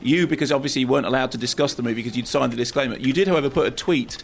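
A man speaking as a film critic on a radio show, riffing excitably and tripping over repeated words. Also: medium pitch, very fast, vocal fry, slight background noise. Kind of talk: casual radio chat.

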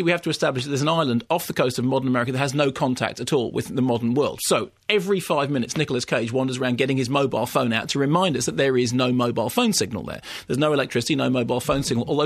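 A man giving a sardonic, animated film review, with mocking asides pitched high. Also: slightly rough. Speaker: film critic.

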